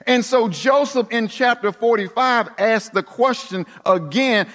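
A high-pitched male preacher delivers a dramatic sermon, sinking to near-whispers and climbing back to emphatic declarations. His voice rings out with a long reverb, as in a large hall. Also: a little slow, hardly any pauses, fairly bright tone.

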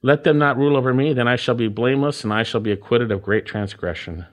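A pastor with a mid-range voice talks fast while preaching an expository sermon. He explains the meanings of words and repeats key phrases with emphatic stress.

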